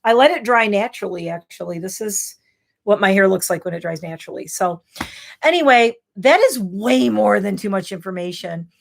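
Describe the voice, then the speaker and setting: A woman's voice: medium pitch, animated, moderate pace, creaky. A woman in her thirties chatting candidly and rambling on a beauty livestream, a bit tipsy from wine. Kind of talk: casual livestream chat.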